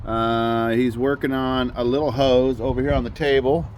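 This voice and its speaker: His mid-range voice barely moves in pitch and keeps a normal speed, with a little hiss or hum on the recording. He's a father hosting a backyard mechanic channel, chatty and self-mocking as he works on a car outside in a backyard garage area while rain starts.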